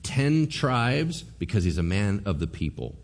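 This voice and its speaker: A male preacher with a low voice that leaps up and down as he tells the story. He is animated, voicing the characters himself and firing rhetorical questions at his listeners. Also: a little slow. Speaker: pastor. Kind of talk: sermon.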